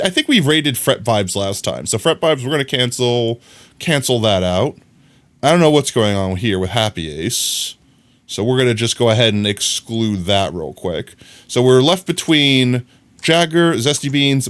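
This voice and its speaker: A man streaming live, chatting casually with his viewers in a playful, joking way. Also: medium pitch. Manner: playful, joking, chuckles often.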